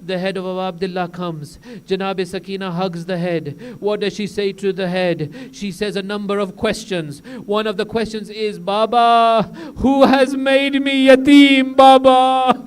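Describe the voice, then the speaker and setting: A man's voice: high-pitched, fairly even intonation, normal speed, hardly any pauses. A male preacher delivering a mourning sermon, recounting the story solemnly and rising into impassioned cries.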